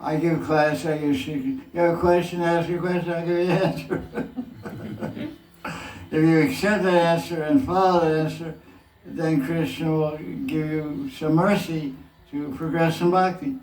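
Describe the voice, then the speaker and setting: A man's voice: a little high, moderate pace. Man teaching in an echoey room. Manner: relaxed, chuckling, quotes people in put-on voices. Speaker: spiritual teacher answering questions. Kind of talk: question and answer talk. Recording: echoey room, mic from a distance, faint noise.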